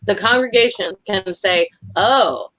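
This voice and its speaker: A woman's voice: mid-range voice, a little slow, pushed and bright, poor audio. A woman from the Southern United States, chatting casually as a livestream guest, chatty and self-deprecating, apologizing a lot. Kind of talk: casual chat.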